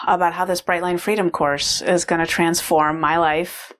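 Low-voiced woman rambling through a story. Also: flat delivery, measured pace, fairly bright tone. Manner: rambling, heavy use of "like" fillers. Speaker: mother. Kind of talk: casual personal storytelling.

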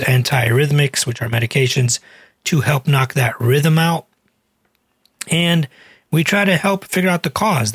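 A man's voice: medium pitch, breathy edge, no room sound, clean studio sound. A man who is a cardiologist and weight loss doctor, telling a patient story in a chatty, earnest podcast manner. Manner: earnest, chatty, many fillers.

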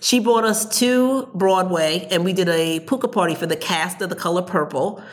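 A woman guest on an interview podcast, telling long, animated stories with quick asides. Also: lowish voice. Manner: animated, talkative storyteller, rambling asides. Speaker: podcast guest, business owner. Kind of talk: casual storytelling interview.

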